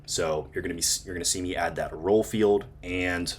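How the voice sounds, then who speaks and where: In this screen-share coding walkthrough, a man with a low-pitched, steady voice talks fairly quickly through the code, with slight background noise. His casual delivery is full of fillers and repeated "right?" tags.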